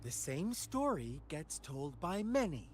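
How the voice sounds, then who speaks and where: A slow, lilting scheming storyteller. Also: male voice, on the high side, very animated, a little mellow, slight background noise. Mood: storytelling. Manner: measured, fable-telling delivery. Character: calm, scheming male game storyteller. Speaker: game cutscene narrator and character. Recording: game cutscene with music behind.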